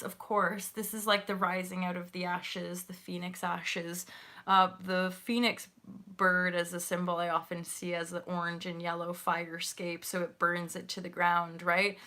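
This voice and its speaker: A woman hosting a live tarot reading, chatting warmly to viewers with gushing, animated, casual talk. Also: lowish voice. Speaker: tarot reader and host.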